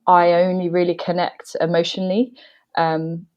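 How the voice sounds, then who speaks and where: A woman with a notably low voice speaks as a podcast guest. She thinks aloud, circling her point with hesitations and fillers before landing it. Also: flat delivery, moderate pace, darkish tone, lo-fi sound. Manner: thoughtful, hesitant with frequent ums. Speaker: guest, movement director and dancer. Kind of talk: reflective podcast conversation.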